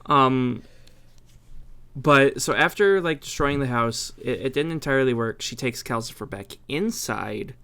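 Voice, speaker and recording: A man's voice: medium pitch, lively intonation, measured pace, pushed and bright, smooth. A young man co-hosting a casual podcast, recapping a movie from his notes in an easygoing, jokey way. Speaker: podcast co-host.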